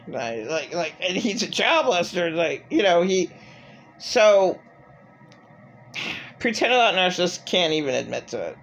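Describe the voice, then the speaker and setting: A woman's voice: on the low side, sing-song, a little slow, long pauses. A middle-aged woman talking in an agitated, rambling personal monologue full of filler words. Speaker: vlogger.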